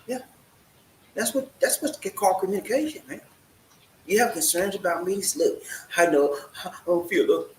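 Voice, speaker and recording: A man's voice: high voice, expressive, moderate pace, pauses often, darkish tone. A man giving relationship advice in a casual talk, full of rhetorical questions and repeated "man". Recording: echoey room with faint noise.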